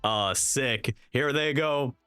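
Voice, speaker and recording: A man's voice: mid-range voice, slow, sharp tone, clear, resonant tone, dry recording, faint music behind. A young man reacting to an anime episode, reading the subtitles aloud and narrating each scene, often stopping to correct himself. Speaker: reaction streamer.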